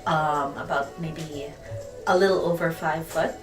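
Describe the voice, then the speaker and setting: A woman player describing her character in a tabletop game, slow and halting with many fillers. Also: deep voice, steady tone. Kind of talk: casual tabletop role-play narration. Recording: distant echoey mic with music.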